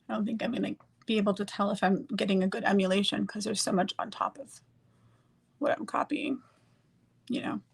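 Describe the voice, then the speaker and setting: A woman's voice: mid-range voice, fairly even intonation, fairly quick, gravelly, husky. A woman chatting casually and rambling as she does her makeup, swearing now and then. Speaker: streamer doing makeup on a group call. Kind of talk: casual chat.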